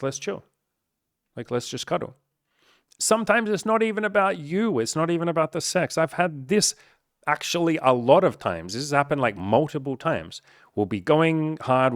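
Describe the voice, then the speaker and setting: A man's voice: mid-range voice, no room sound, studio quality. Frank, swearing man. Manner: frank and profane, loose with filler words. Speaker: dating coach. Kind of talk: casual straight-to-camera talk.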